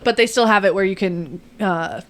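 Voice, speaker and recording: A woman co-hosting a book podcast in relaxed, easygoing casual chat. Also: medium pitch, normal speed. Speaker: podcast co-host.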